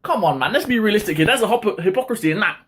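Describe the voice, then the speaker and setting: A man hosting his own boxing talk channel, ranting in a heated, casual way, with lots of swearing and sudden high-pitched outbursts. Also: expressive, racing, a bit bright. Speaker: boxing commentary vlogger. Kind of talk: casual opinion rant.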